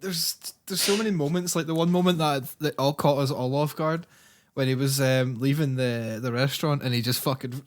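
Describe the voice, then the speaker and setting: A mid-pitched man chats on a casual film podcast. He reads out trivia in a loose, informal way. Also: fairly even intonation, moderate pace. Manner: chatty, reads out trivia with laughs. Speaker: podcast co-host.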